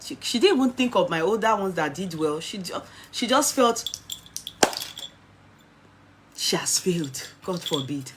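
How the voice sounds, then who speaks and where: A woman in her forties with a Nigerian accent, telling a personal story in an animated way and slipping into Nigerian Pidgin. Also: lowish voice, a little slow, long pauses, very noisy.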